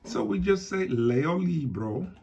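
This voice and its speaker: A man teaching a Spanish grammar lesson, explaining slowly and repeating key points. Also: sits high, very animated, vocal fry, a little mellow, slightly rough, lo-fi sound. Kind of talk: classroom-style grammar lesson.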